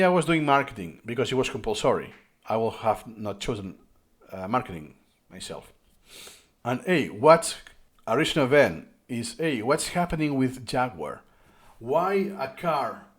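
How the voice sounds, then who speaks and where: Animated man ranting about schooling. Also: mid-range voice. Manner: animated, emphatic, restarts phrases. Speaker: educator and tutor. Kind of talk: talking-head commentary on learning.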